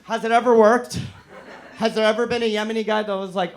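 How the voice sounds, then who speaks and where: Young male comic with a high voice, animated and quick to laugh at his own jokes. Noisy live recording with clicks. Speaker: comedian. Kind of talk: stand-up comedy. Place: live comedy room with an audience.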